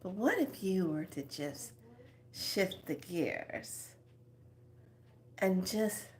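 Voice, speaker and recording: A woman giving a spiritual motivational talk to her viewers, slipping between soft whispered phrases and lively acted asides. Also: lowish voice, extremely slow. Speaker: spiritual self-help speaker.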